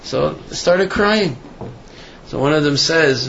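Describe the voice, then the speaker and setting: Man, informal sermon, gravelly voice, halting with fillers and restarts, dull lo-fi recording. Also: big pitch swings, fairly bright tone. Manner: acts out voices in the story with rising pitch. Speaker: rabbi giving a talk. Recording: dull lo-fi recording with faint background noise.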